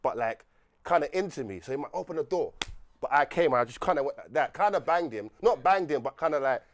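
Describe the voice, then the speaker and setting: A young man telling a rambling, animated story on a podcast, laughing often and restarting his sentences. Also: on the high side, brisk. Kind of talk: casual storytelling chat.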